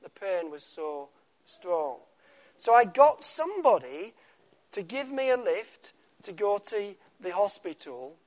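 A man preaching a sermon, with dramatic pauses and a voice that drops to a soft hush on key words. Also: high-pitched, sing-song.

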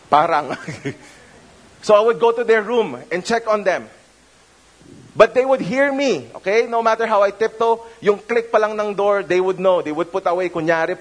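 A man's voice: a little high, low-quality recording. A middle-aged man with a Filipino accent, preaching a conversational sermon that slips into Tagalog phrases. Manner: conversational, mixes in Tagalog phrases, many restarts. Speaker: pastor.

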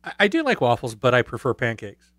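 A man's voice: mid-range voice, huge pitch swings, fast, a bit bright, no echo. Jokey man hosting a podcast. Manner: jokey, laughs often. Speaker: podcast host. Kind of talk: casual chat.

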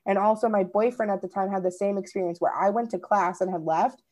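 A woman's voice: medium pitch, steady tone, fast talker, darkish tone. A young woman, co-hosting a podcast and telling stories in casual chat. She swears freely and acts out what people said. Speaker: podcast co-host.

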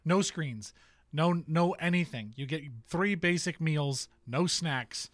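A man in his thirties co-hosts a casual podcast, wry and relaxed, drifting into side remarks. His voice is bright and a bit high for a man, heard dry and close. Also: slow, no echo. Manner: relaxed, wry, trails into asides. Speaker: podcast co-host. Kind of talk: casual chat.

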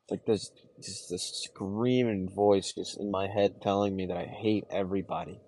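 A young man hosting a podcast, talking to himself in a distressed, halting, brooding confessional monologue. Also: low-pitched, steady tone, a little mellow. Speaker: podcast host.

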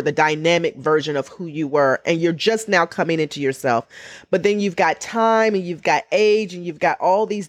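A woman's voice: on the low side, no echo. Middle-aged woman sharing personal reflections; earnest, emotional, close and dry. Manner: earnest, emotional, repeats phrases for emphasis. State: near tears. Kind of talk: reflective podcast conversation.

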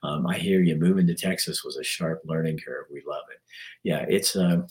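An older man hosting a casual live stream, losing his voice, rambling in a folksy way and often clearing his throat. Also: very deep voice, normal speed, darkish tone. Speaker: livestream host.

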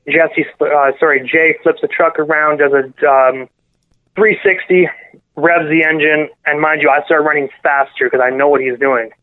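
A man guest on a podcast telling a painful personal story in a halting, earnest way, often correcting himself. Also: a little high. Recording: phone-line audio.

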